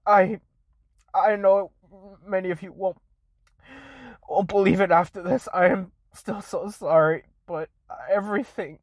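A young woman making a tearful apology video, close to tears, halting and restarting her sentences as she apologizes again and again. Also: mid-range voice, steady tone, no room sound. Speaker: content creator.

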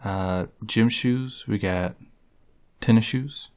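Slow, low-voiced man. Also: darkish tone. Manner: unhurried, reads words off a list with many "uh" fillers. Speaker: vlogger. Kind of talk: casual accent-tag video.

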